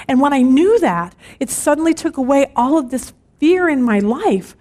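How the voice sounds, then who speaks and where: A middle-aged woman leads a women's Bible study. Her voice sits high and bright, and she tells her stories in an animated way. She keeps checking in with the group as she goes. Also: normal speed, few pauses. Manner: animated, storytelling with frequent "okay?" check-ins.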